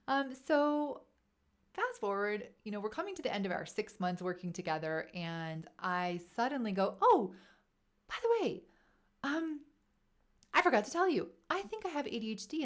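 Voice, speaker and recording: A woman casually telling a personal story to camera in a vlog, chatty and animated, acting out quoted thoughts. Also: on the low side. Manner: chatty, animated, acts out quoted inner voices. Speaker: wellness vlogger.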